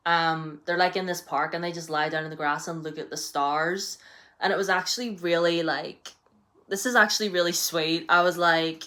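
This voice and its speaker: A young woman casually reviewing a book on her vlog, chatty and animated, full of "you know" fillers. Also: on the low side, normal speed.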